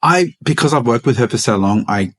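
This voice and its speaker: A man with an Australian accent, co-hosting a podcast and explaining things in an unhurried way, with frequent ums and restarts. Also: mid-range voice, expressive, fairly bright tone, slightly rough. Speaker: podcast co-host. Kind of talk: casual podcast chat.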